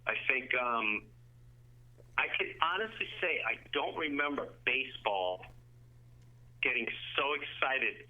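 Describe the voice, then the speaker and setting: A male comedian telling stories as a guest, lively and acting out the people in them, heard over a phone line. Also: mid-range voice, a little slow, long pauses. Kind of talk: animated storytelling. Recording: phone-line call-in audio.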